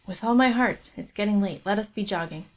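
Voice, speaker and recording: A woman's voice: mid-range voice, brisk, natural voice. A woman reading an eager young country lad. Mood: cheerful.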